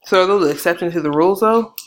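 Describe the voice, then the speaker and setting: A man with a slightly raised voice asks questions at a quick clip. He probes and challenges what his guest says. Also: sits high. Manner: probing, challenges the guest's points. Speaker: interviewer. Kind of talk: casual interview.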